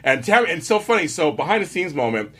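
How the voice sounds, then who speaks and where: A man hosting a casual chat show, gushing and animated as he tells stories. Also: a little high, fast talker, a little hiss or hum. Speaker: host.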